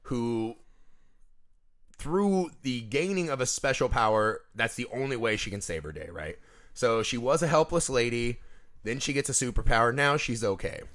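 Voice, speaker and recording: This podcast co-host is a man chatting casually in an animated way, laughing often and swearing freely. His voice sits at medium pitch and moves at a moderate pace.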